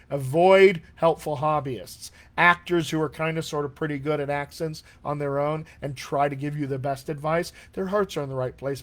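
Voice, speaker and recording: Chatty male dialect coach, throat-clearing. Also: a little high. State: allergies. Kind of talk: live-streamed Q&A lesson.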